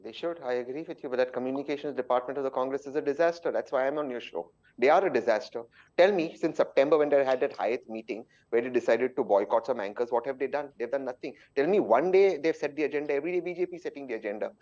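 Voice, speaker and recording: A man's voice: medium pitch, quick pace, a little mellow, lo-fi sound. A man with an Indian accent arguing indignantly as a panelist in a televised political debate.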